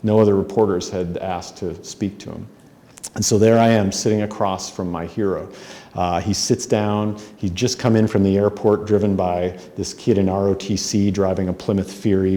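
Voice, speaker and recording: At a podium in a hotel conference room, a middle-aged male author from Spokane, Washington, USA, tells anecdotes in a low, mellow voice. His pitch barely moves and his pace is moderate, and he keeps things conversational and self-deprecating, often saying um and starting over.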